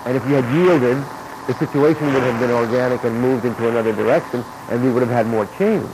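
A man teaching as an acting coach, talking in an informal lecture and acting out replies in sudden high bursts. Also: fast. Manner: animated, acts out his own and students' replies in sudden high bursts. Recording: noisy recording with steady background noise.

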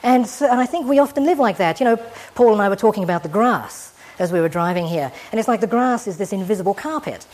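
A woman giving an evening public lecture to an audience, discursive and gently humorous in a wry way. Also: medium pitch, animated, fast, hardly any pauses. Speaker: guest lecturer.

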